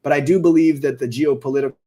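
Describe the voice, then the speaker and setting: A man's voice: a little high, fairly even intonation, rapid-fire, mellow. A man hosting a live stream, talking about crypto markets in a loose, rambling way, with lots of fillers and swearing. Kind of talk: casual live-stream chat.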